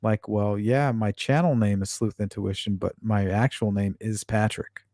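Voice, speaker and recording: A man with a fairly low, mellow voice speaks at a normal speed in a steady tone, recorded dry with clean studio sound. He hosts a true-crime livestream, chatting casually and reading viewer comments aloud. His manner is blunt and frequently profane, full of fillers.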